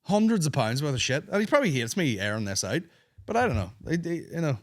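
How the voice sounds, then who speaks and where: A man, hosting a podcast and telling a long comic story in casual, sweary, animated chat. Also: a little high, no room sound, studio quality. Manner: sweary, animated, quick asides. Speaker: podcast host.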